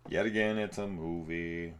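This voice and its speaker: A young man with a very low, deep voice talks through a film in a loose, rambling way. He swears freely and peppers every thought with "like" and "um". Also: steady tone, moderate pace, clear, resonant tone. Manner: rambling, profane, full of "like". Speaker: film reviewer. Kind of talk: casual movie review commentary.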